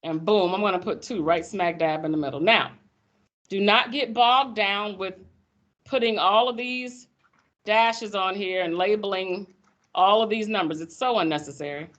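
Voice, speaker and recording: A woman teaching math in a classroom, lively and folksy, teasing her students as she explains. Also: mid-range voice, normal speed, muffled recording. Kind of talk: classroom lecture.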